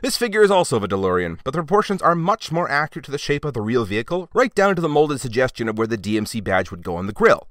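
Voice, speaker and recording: A man's voice: medium pitch, very animated, racing, hardly any pauses, fairly bright tone, no echo, studio quality. A man giving a casual, wry toy review with chatty, sarcastic asides.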